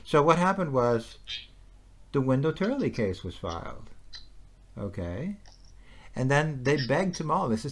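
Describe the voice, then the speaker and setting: A man's voice: medium pitch, big pitch swings, unhurried, pauses often. A man in a heated casual conversation, agitated and repetitive, firing rhetorical questions and laughing between points. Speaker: conversation partner.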